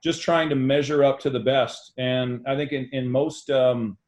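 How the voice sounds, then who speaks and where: A middle-aged man, a podcast guest, telling animated stories and acting out quoted dialogue. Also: mid-range voice, a little slow. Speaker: guest, former basketball player. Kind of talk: storytelling in a podcast interview.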